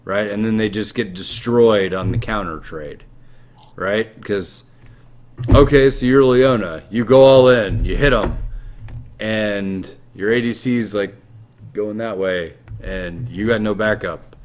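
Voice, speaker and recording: A man co-hosting a gaming podcast, explaining strategy in an animated, joking way with plenty of swearing. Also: lowish voice, measured pace. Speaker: podcast co-host. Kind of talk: casual gaming podcast talk.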